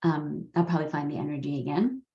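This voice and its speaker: A woman's voice: deep voice, expressive, fast. A woman in her forties hosting a podcast, telling a personal story in a candid, earnest way with casual swearing. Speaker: podcast host. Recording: slightly dull, roomy recording.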